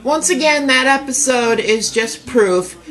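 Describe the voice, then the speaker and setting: An enthusiastic woman co-hosting an unscripted chat. She jumps in with questions and reactions, and her voice sits slightly high. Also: expressive, a little slow, fairly bright tone. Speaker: co-host. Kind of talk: casual chat.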